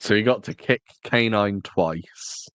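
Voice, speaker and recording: A podcast co-host chats casually, his humor wry and teasing. His fairly low voice moves slowly with a slightly bright edge, and there's no room sound at all.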